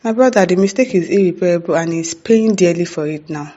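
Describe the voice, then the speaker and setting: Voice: medium pitch, a little fast, dark tone, lo-fi sound. A commentator with a Nigerian accent giving casual news commentary. The commentator keeps asking rhetorical questions, adds "eh?" and "hmm?", and laughs between remarks.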